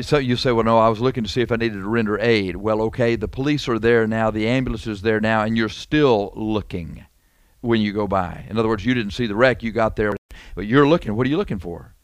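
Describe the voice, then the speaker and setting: A male preacher delivering a sermon at a middle pitch, talking to his congregation in an emphatic, conversational way. He repeats his points and keeps asking rhetorical questions. The recording is dry and close, with almost no room sound. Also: dry recording.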